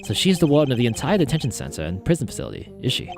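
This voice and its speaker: A game player voicing a formal, analytical male prosecutor with a measured, dry delivery. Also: mid-range voice, very animated, music in the background, voice pushed down. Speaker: prosecutor character.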